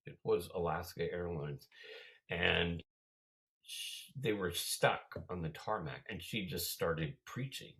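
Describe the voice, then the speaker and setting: A man's voice: sits low, slow, low-quality recording. A man chatting casually, telling rambling anecdotes with lots of fillers. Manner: rambling anecdotal storytelling, animated. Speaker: podcast host. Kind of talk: casual chat.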